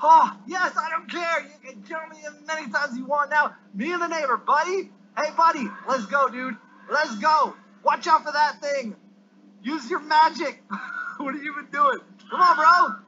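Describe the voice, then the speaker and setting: A high-pitched male gamer with a bright, sharp voice commenting on his play. He is excitable, yelping and groaning as things go wrong. The recording is dull and lo-fi with a faint hiss underneath. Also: normal speed. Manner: excitable, yelps and groans at the game.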